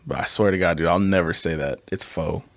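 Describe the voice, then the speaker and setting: A man's voice: sits low, quick pace, a bit bright. A man co-hosting a podcast with blunt, joking banter full of slang and swearing. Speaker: podcast co-host. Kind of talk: casual chat.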